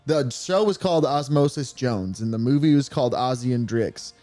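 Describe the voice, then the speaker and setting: A young man co-hosting a casual chat over a video game, telling stories with lively flair. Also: medium pitch, moderate pace, soft background music. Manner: animated storyteller, acts out voices in bursts. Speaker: co-host. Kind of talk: casual chat while gaming.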